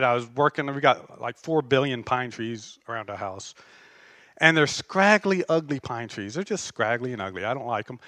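A man preaching a sermon as pastor, conversational and animated, telling stories with self-deprecating humor. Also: medium pitch, dry recording.

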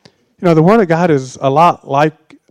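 A man's voice: a little high, normal speed, no echo. A man in his sixties preaching a sermon, telling a personal story in a wry, sarcastic way. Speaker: pastor.

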